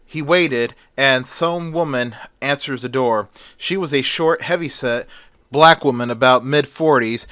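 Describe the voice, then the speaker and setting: A man's voice: medium pitch, a little slow, sharp tone. A man retelling a story in a plain casual way, with small slips and fillers.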